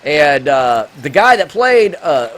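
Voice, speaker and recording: A man hosting a gaming channel, giving let's play commentary with a movie review, jokey and excitable and talking straight to his viewers. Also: fairly high pitch, slow pace.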